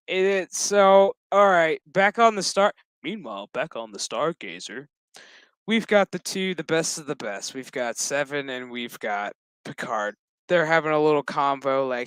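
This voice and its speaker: A man's voice: on the high side, unhurried, a bit bright, smooth, dry recording, rough recording. A man giving a rambling, profane and jokey casual recap of a TV episode. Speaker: show reviewer.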